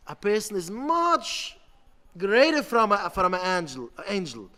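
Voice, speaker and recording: Impassioned rabbi preaching in a hall. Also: male voice, high voice, huge pitch swings. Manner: impassioned, halting with many restarts, bursts into shouting. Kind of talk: sermon. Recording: long hall reverb.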